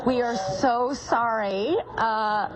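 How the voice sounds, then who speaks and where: Higher-voiced woman morning show host. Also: over loud music, poor audio. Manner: bright, quick to laugh. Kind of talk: live TV talk.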